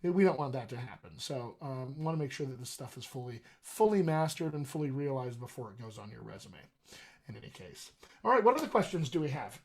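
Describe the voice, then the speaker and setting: A man's voice: medium pitch, expressive, fairly quick, breathy edge. A middle-aged man coaching actors on accents in a live question-and-answer session, chatty and enthusiastic. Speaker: dialect coach.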